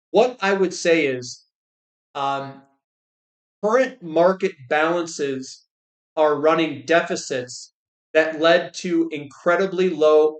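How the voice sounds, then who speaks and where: A man's voice: on the high side, reverberant. Blunt, exasperated male finance host. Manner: blunt, exasperated, repeats words when restarting. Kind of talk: casual commentary.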